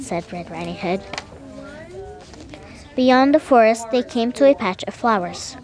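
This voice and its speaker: A woman reading a fairy tale aloud as narrator, lively with small slips. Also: mid-range voice, unhurried, pauses often. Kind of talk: storybook reading.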